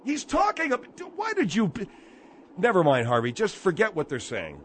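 A man's voice: high-pitched, huge pitch swings, normal speed, a bit bright, slight background noise, heavily acted. An actor playing a stuffy, stiffly formal older man who tries to stop the bickering. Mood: pompous.

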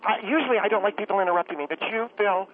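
Speaking very fast in a high pitch above his natural voice, a man lightly acts as an effusive middle-aged woman caller, chatty and flustered, who keeps talking and grows choked up. The audio is a tinny phone line with a faint hiss.

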